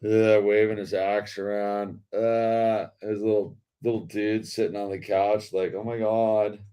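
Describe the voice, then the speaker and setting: A man's voice: lowish voice, level tone, unhurried, mellow, smooth. A man hosting a toy-building video in a laid-back, slangy way, saying dude a lot. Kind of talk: casual commentary while building.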